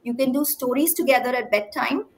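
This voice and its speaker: Female speech therapist, slightly high voice, clear emphatic teaching delivery to parents, asks the room questions. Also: brisk, a little hiss or hum. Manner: clear, emphatic teaching with frequent "right?" check-ins. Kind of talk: talk to parents.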